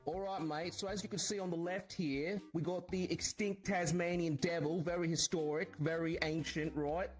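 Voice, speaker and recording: Man doing a cursing Australian tour guide, slightly high voice, bossy, faint music behind. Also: fairly even intonation, moderate pace, few pauses, natural voice. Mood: boastful. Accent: put-on Australian. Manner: blustering, swearing, threatening. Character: brash foul-mouthed Australian male tour guide.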